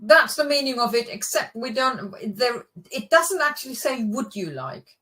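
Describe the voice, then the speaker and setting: A woman's voice: high voice, lively intonation, normal speed, pushed and bright. German-native woman teaching pronunciation patiently. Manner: patient, corrects pronunciation with explanations. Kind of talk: casual language lesson.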